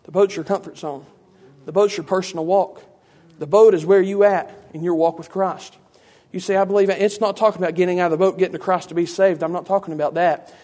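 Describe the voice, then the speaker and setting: Brief: high-voiced male preacher giving a conversational teaching sermon full of rhetorical asides. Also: fairly even intonation, brisk, few pauses, darkish tone.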